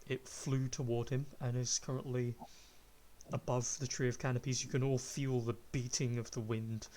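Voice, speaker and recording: A man running a tabletop game as game master, describing the scene at an unhurried pace. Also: mid-range voice, flat delivery, darkish tone.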